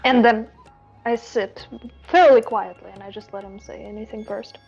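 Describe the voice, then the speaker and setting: A woman's voice: fairly high pitch, fairly even intonation, moderate pace, a little mellow, husky, muffled recording, faint music behind. A woman player in a tabletop role-playing game, hesitantly describing what her detective does. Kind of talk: in-character tabletop play.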